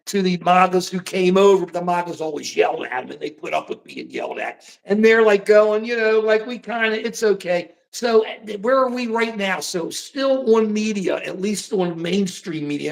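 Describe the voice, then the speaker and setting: A man's voice: high-pitched, normal speed, vocal fry, hardly any pauses. American man, livestream host, casual rambling political chat, folksy slang. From United States.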